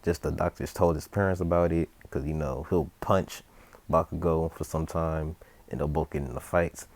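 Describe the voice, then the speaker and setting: A man with a very low voice improvises a fan story off the cuff. He rambles, fills gaps with um and you know, and restarts his words. The sound is dry and close. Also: steady tone, moderate pace, gravelly, darkish tone, no echo. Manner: rambling, full of fillers and self-corrections.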